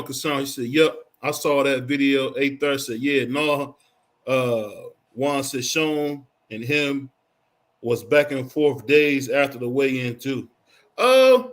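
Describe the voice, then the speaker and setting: A man with a slightly high, bright and forceful voice co-hosts a casual sports talk show. He keeps things loose and joking, reads viewer comments aloud, and tacks "man" or "bro" onto his lines. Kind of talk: casual chat.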